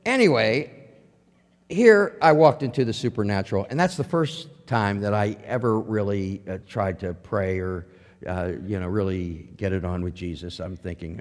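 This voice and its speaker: Brief: animated man, humorous testimony storyteller, hall reverb. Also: lowish voice, brisk. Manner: animated storytelling with acted-out quotes. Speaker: testimony speaker.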